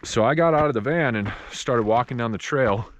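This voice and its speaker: A man from Wisconsin vlogging outdoors in the desert, out of breath and telling a story in a rambling, low-key way. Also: a little fast, a little hiss or hum. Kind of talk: casual vlog narration.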